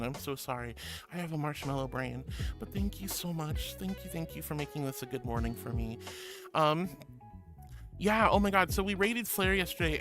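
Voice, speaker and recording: Sweet gushing woman streamer. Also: deep voice. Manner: sweet, gushing, reads chat messages aloud. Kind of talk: casual live-stream chat. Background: music.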